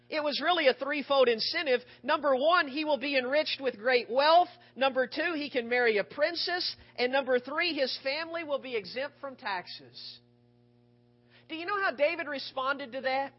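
A male preacher giving a sermon, retelling scripture with rhetorical questions and expressive storytelling. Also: extremely high pitch, normal speed. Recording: dull lo-fi recording.

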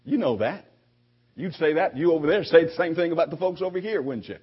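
A man preaching a sermon to his congregation, conversational, with frequent restarts and lively quoted voices. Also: on the high side, fairly quick, breathy edge. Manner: conversational preaching with repeated restarts, animated quoting. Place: church sanctuary. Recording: dull lo-fi recording.

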